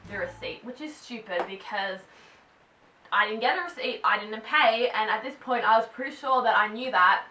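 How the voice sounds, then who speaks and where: A young Australian woman chats through a storytime vlog, her voice bright and a little high, peppered with "like." She sounds a bit far from the mic in an echoey room, with soft music underneath. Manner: chatty, animated, lots of "like" fillers. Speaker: vlogger.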